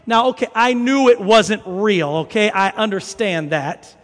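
A man preaching a conversational sermon, an animated storyteller who makes chatty asides to the congregation. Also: high-pitched, unhurried. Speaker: pastor. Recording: long hall reverb.

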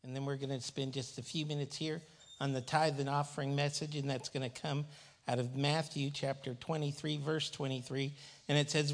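A man's voice: medium pitch, flat delivery, moderate pace. A male pastor leading a church service, affirming with frequent amens and reading scripture. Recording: reverberant church sanctuary.

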